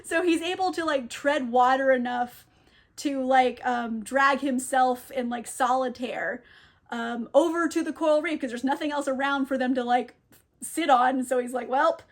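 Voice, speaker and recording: A young woman casually retelling a novel's plot, with lots of fillers and frequent laughter. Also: high voice. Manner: laughs often, lots of fillers, quick quoted asides. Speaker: book reviewer. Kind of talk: casual book recap.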